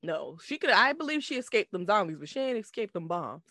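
Animated woman co-hosting a movie chat. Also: medium pitch, a little fast, no room sound, clean studio sound. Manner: animated, laughing, profane. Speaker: podcast co-host reviewing a movie. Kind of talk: casual chat.

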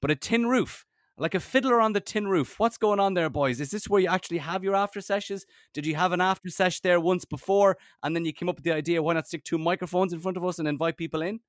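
A man chatting casually on a podcast as a guest, a lively, jokey storyteller. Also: high-pitched, quick pace, no room sound, studio quality. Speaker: radio presenter guest.

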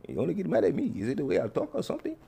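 A man's voice: sits high, huge pitch swings, racing, creaky, warm tone, husky, heavily acted. A man voicing an overly polite, stiffly formal man who keeps apologizing. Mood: prim politeness. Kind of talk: comedy skit voices.

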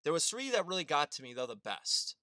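A young man hosting a sports radio show, telling a story in an animated, earnest way. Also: fairly high pitch, fairly quick, dry recording, clean studio sound. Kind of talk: sports opinion monologue.

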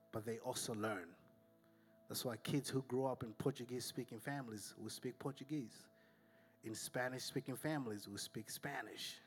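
A pastor who grew up in Africa preaching a sermon, telling lively stories and then dropping to soft, hushed tones. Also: male voice, mid-range voice, breathy edge. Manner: animated storytelling, swinging to soft and hushed.

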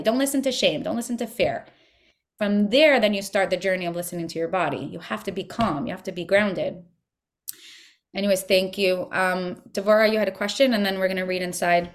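A woman leading a religious study group, speaking earnestly in a casual, conversational way and repeating words for emphasis. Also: medium pitch. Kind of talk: casual spiritual teaching and text reading.

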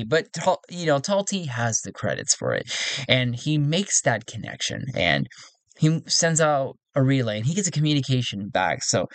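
A man's voice: medium pitch, dry recording. Man narrating a solo tabletop game. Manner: thinking aloud, commenting on dice rolls. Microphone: close desk microphone.

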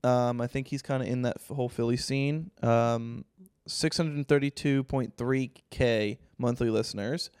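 Man, podcast co-host, casual chat, smooth resonant voice, profane, animated storyteller. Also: mid-range voice, moderate pace, no echo, studio quality.

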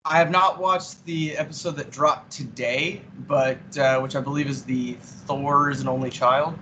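A man's voice: medium pitch, steady tone, unhurried, highs cut off, noisy background. A man co-hosting a podcast, giving blunt, critical opinions in casual chat. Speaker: podcast co-host.

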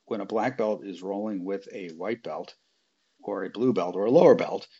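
A man co-hosting a podcast who mostly answers with short agreements, then speaks up in a measured, casual way. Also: fairly low pitch, vocal fry, warm tone, slightly rough, muffled recording.

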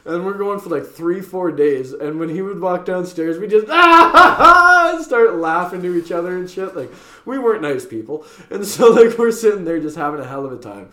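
A man's voice: sits high, brisk, darkish tone. A young man from western Canada, casually telling a rowdy story on a podcast, swearing freely and laughing as he goes. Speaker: podcast co-host. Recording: echoey room.

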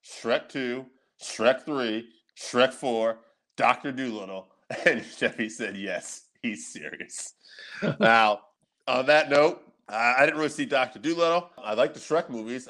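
A man's voice: medium pitch, a bit bright. Laughing, rambling male podcast co-host. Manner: loose, rambling, laughs a lot, swears casually. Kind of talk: casual chat.

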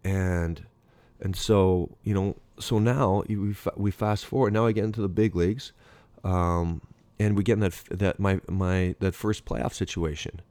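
A man's voice: low-pitched, fairly even intonation, measured pace, a little mellow, dry recording. A middle-aged man, a former professional baseball player, tells a rambling story, acting out dialogue and breaking off mid-sentence. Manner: rambling, acts out dialogue, self-interrupting. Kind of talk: anecdotal storytelling.

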